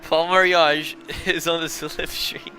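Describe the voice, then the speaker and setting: A young man calls a sim race live through a bad case of hiccups, his voice sitting fairly high and his delivery slow and drawn out. Between calls he apologises and laughs at himself. Steady engine noise runs under the stream. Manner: flustered, self-mocking, apologetic between calls. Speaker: sim racing commentator.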